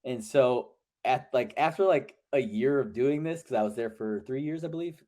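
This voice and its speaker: Co-host, male, relaxed casual talker, fillers, mid pitch. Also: moderate pace. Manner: laid-back, filler-heavy, with frequent "like". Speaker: podcast co-host. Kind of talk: casual chat.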